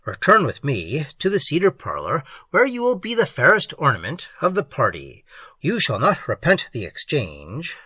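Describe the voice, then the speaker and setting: A man voicing a persistent male officer who coaxes and flatters insistently. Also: on the high side, normal speed, husky, dry recording, exaggerated voice. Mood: coaxing. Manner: coaxing, insistent.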